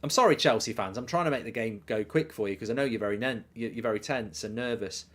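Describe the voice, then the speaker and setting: A man hosting a live football watchalong stream in a loose, rambling way. He mocks himself, riffs on ideas and reads out messages from viewers. His voice sits at a middle pitch and often sinks to a quiet mumble. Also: quick pace. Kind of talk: casual live commentary and chat reading.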